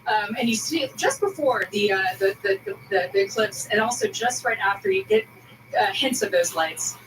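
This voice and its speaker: A woman data scientist reporting live, excited and emotional, often restarting her sentences. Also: medium pitch, moderate pace. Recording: TV audio taped from a distance, loud noise.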